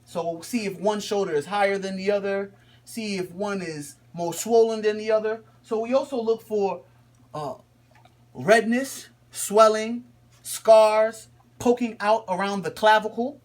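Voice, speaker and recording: A man's voice: high voice, steady tone, measured pace, a little mellow. A man playing a boastful middle-aged father who is a shoulder doctor, lecturing in a comedic skit with slangy asides. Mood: instructive. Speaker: student performer in a school skit.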